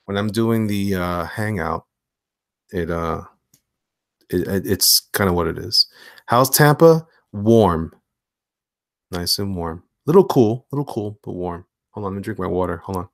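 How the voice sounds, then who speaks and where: A man hosting a casual live stream from his home studio while drawing, talking in slang and swinging between hyped greetings and low mumbles. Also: unhurried, long pauses, no room sound. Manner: animated, slangy, hyped one moment and mumbling low the next. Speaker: livestream host and comic illustrator.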